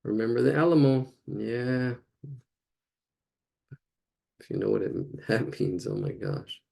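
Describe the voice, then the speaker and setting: A man talking casually to himself as he draws during a class practice, rambling and chuckling in quiet asides. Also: medium pitch, wildly swooping pitch, takes it slowly, gravelly. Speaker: drawing instructor. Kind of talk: casual narration while drawing.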